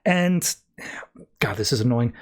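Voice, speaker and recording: A man's voice: mid-range voice, expressive. A man hosting a podcast, giving a rambling, casual recap of a comic book story. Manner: rambling, breezy summarizing with quick mock voices. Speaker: podcast host.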